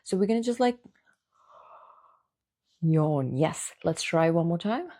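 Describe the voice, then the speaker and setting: A woman's voice: mid-range voice, a little fast, dark tone. A woman vocal coach giving a guided singing lesson, encouraging the listener and talking them through exercises step by step.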